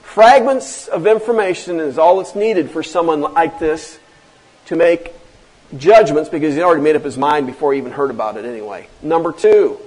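A man's voice: on the high side, normal speed, a little mellow, low-quality recording. A man preaching a sermon as pastor, emphatic and full of rhetorical questions.

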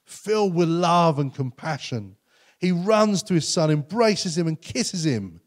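A man preaching a sermon as pastor, earnest and conversational, often acting out quotes in lively voices. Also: a little high, measured pace.

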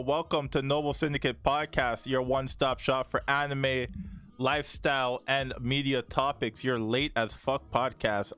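A man's voice: medium pitch, fairly bright tone. A young man hosting a casual podcast, joking in slang and laughing often. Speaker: podcast host.

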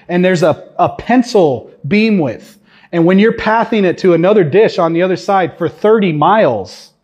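A man with a high, husky voice delivers an earnest sermon from a church pulpit. He drives his points home with emphatic repetition and rhetorical questions aimed at the congregation. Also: a little mellow. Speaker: guest preacher.

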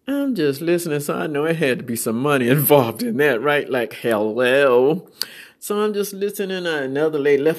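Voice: mid-range voice, animated, moderate pace. A preacher, giving a conversational sermon and acting out both sides of a dialogue. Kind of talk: sermon with storytelling.

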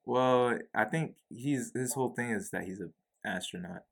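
A man's voice: medium pitch, moderate pace, gravelly. A young man co-hosting a podcast in casual, joking chat, often saying "bro". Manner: laid-back, joking, says "bro" often. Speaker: podcast co-host.

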